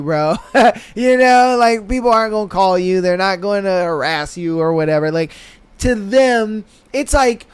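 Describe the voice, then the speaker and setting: Young man, high smooth voice, slangy blunt podcast host, casual commentary, dry close mic. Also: dry recording. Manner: animated, slangy and blunt, with frequent laughs and "you know what I mean".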